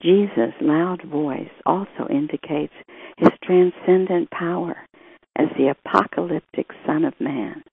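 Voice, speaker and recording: Slow gravelly-voiced male preacher. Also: on the high side. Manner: measured, reflective preaching, quoting scripture and scholars. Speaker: priest giving a homily. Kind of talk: gospel reading and sermon. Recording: tinny phone-like sound, dry.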